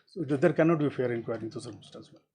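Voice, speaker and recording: A man's voice: medium pitch, racing, noisy background. A man, an advocate making a formal courtroom argument to a judge and adding "my lord" to nearly every sentence. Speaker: advocate arguing before a bench.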